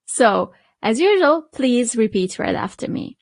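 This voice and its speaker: A woman teaching an online language lesson, talking slowly and drawing out model words for her students to repeat. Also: a little high, sing-song, gravelly, dry recording. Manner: slow, drawn-out model pronunciations for repeating. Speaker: Italian teacher.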